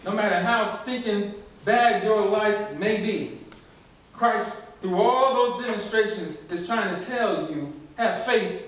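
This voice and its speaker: High-voiced preacher in an echoey church. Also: male voice, slow, fairly bright tone. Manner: emphatic storytelling with repetitions. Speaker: pastor. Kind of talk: sermon. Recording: very echoey church, distant mic.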